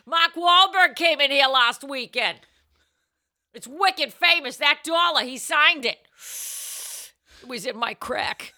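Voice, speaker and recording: A woman voicing a brash, bossy stripper with a Boston accent, loud and crude. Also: sits high, animated, takes it slowly, pauses often, full character voice. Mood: tough. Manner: loud and shouting.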